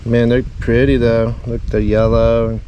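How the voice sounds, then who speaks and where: A man, excitedly narrating his creek fishing trip to viewers. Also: medium pitch, unhurried, dull audio, a little hiss or hum. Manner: excited, drawling exclamations to viewers. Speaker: fishing vlogger. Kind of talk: casual outdoor commentary.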